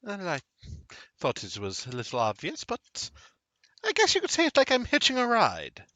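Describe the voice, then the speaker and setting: A man's voice: high-pitched, wildly swooping pitch, moderate pace, pushed and bright, dry recording, voice pushed up, full character voice. A man voicing a playful, teasing woman who is a spirit trapped for a thousand years. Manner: giggly, lightly teasing.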